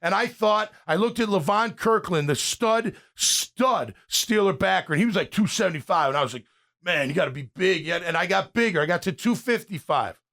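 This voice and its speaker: A man in his fifties with a high voice hosts a casual sports talk show. He rants in a fired-up way, often starting his sentences over as he goes. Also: lively intonation, normal speed, few pauses, fairly bright tone. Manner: fired-up, ranting, with frequent restarts. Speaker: podcast host and former pro linebacker.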